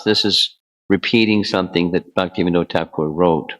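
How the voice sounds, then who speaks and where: A man giving a devotional lecture as a spiritual teacher, relaxed and bantering with his audience. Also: sits low, moderate pace, low-quality recording.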